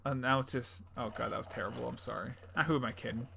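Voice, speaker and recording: A man's voice: mid-range voice, steady tone, fast, vocal fry, noisy background. A young man co-hosting a podcast in casual chat, jokey and rambling, laughing often. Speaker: podcast co-host.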